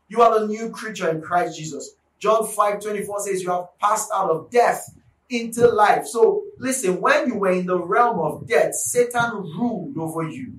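A man preaching a sermon with emphatic repetition, building to shouts. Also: sits high, expressive, moderate pace. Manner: emphatic, repeats lines for force, swells to shouts. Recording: echoey room, mic at a distance, faint background noise.

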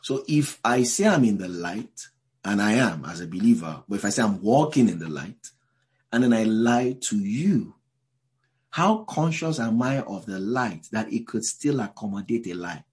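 A man's voice: fairly low pitch, animated, moderate pace, a little mellow. A man preaching a sermon to a live congregation in a church. He talks in a loose, conversational way, drops in many asides and asks the listeners questions directly. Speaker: pastor.

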